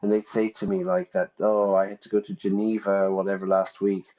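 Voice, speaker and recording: A man's voice: low-pitched, flat delivery, a little fast, darkish tone, lo-fi sound. A middle-aged man, an English teacher chatting casually and wryly through an online lesson. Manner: chatty, wry, rambling asides. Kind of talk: casual screen-share lesson, reading aloud.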